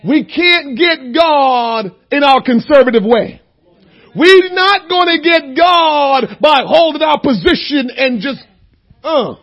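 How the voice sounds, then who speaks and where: Very high-voiced man preaching with humor. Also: takes it slowly. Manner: animated storytelling, breaking into shouts for emphasis; humorous, folksy. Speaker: church teacher. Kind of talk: sermon-style Bible lesson.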